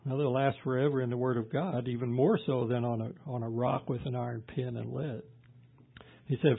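Husky-voiced male preacher, phone-like sound. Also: mid-range voice, fairly even intonation. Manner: reads scripture slowly and emphatically, then explains in plain conversational asides. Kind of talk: sermon.

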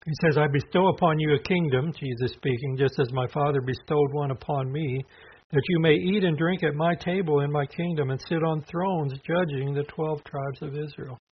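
A man's voice: on the high side, normal speed, breathy edge. A man teaching through a Bible passage verse by verse, talking conversationally with asides and fillers. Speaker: preacher. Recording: dull lo-fi recording.

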